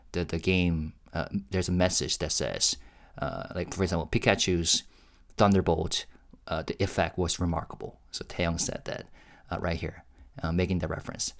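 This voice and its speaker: Man, low voice, casual reaction host, live translating, chuckling, lots of fillers. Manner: relaxed, chuckling, hesitant with many fillers. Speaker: YouTube host translating a livestream.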